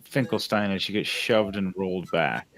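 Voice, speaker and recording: A man's voice: sits low, normal speed, a bit bright. A man narrating as game master of a tabletop game, rambling with lots of fillers and restarts.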